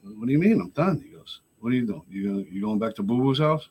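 A man from Lowell, a podcast guest telling his recovery story in a casual chat, animated and blunt, acting out the voices of the people in it. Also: quick pace, husky. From Lowell, Massachusetts.

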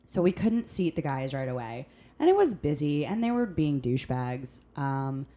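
Low-pitched American woman, server guest, animated storyteller in casual chat. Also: normal speed. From United States. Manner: animated storyteller, acts out quoted people. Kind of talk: casual podcast conversation.

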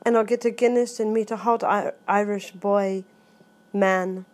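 A woman's voice: mid-range voice, fairly even intonation, a little slow. A woman in a casual vlog, chatting and reading aloud from a daily recovery book, rambling with frequent self-corrections.

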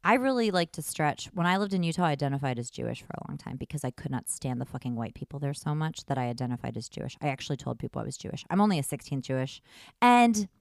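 A low-voiced woman in her thirties tells stories in a blunt, swearing, animated way, her pitch leaping up and down. She is recorded close and dry, with no room sound. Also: fast talker, creaky, no echo. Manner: animated, blunt and profane, big pitch jumps. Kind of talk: casual storytelling chat.

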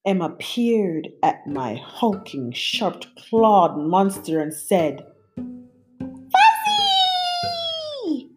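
A woman reads a picture book aloud, slow and expressive, her pitch rising and falling widely. Soft guitar plays faintly under her voice. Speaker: storyteller.

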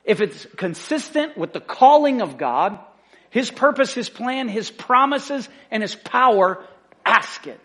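A middle-aged man preaching a sermon as lead pastor, fervent and emphatic, repeating key phrases and swinging from loud excited bursts to quiet asides. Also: a little slow. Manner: fervent, emphatic repetition, rising to excited outbursts then dropping low.

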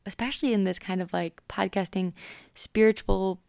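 A woman's voice: medium pitch, fairly even intonation, moderate pace, gravelly, a little mellow, clear, resonant tone, no room sound, studio quality. A woman in her twenties hosting a solo podcast, talking casually and upbeat with lots of "like" fillers. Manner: chatty, upbeat, many "like" fillers. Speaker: podcast host.

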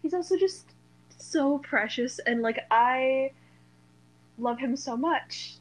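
A woman's voice: high-pitched, slow pace, low-quality recording. A young woman in a casual book chat, talking enthusiastically about characters she loves. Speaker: co-host of a book discussion.

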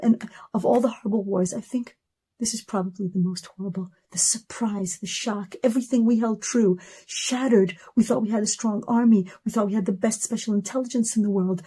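A woman's voice: fairly high pitch, steady tone, brisk, dark tone, husky. A woman in her thirties giving an emotional personal testimony in a video message, talking with passion and stacking repeated words into rising lists.

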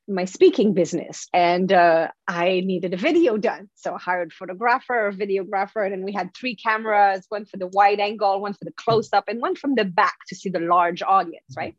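A woman with a French accent, a guest on an interview, telling animated, expressive stories with frequent restarts. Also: mid-range voice, brisk, hardly any pauses, no room sound, highs cut off. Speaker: guest, confidence speaker. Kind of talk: casual interview storytelling.

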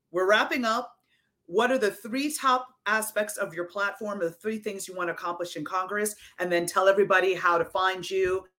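A woman's voice: medium pitch, a bit bright. A woman hosting a casual interview, reacting expressively with slangy exclamations before steering to the next question. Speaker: show host.

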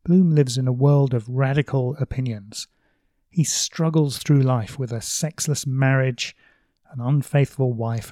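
Male podcast host, measured and lightly wry, warm mellow tone, dry close mic. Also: mid-range voice, no room sound. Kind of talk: scripted podcast commentary.

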